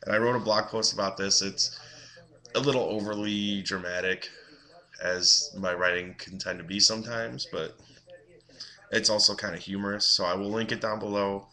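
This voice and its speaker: A man with a very bright, sharp voice that sits a little low in pitch. He rants on his video blog, exasperated and swearing freely. He slips into mocking voices when he quotes people. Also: fairly even intonation, normal speed. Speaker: vlogger.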